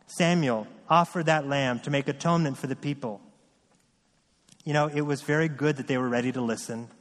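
A man's voice: medium pitch, steady tone, a little fast, a bit bright, big-room sound. A man preaching a sermon as pastor, reading scripture and driving points home with earnest repetition.

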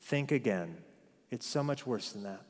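A male pastor preaching a sermon, swinging from loud emphatic passages to hushed, quiet asides and often repeating words as he restarts a phrase. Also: medium pitch, animated, normal speed, in a large hall.

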